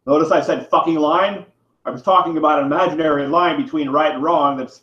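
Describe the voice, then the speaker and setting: A man with a fairly high voice rants in a preachy, irate way, dropping curse words to drive his points home. The sound is roomy and slightly dull, like a home video. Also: steady tone, brisk, a bit bright. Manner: irate, preachy, swears for emphasis. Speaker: vlogger. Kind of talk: ranting monologue to camera.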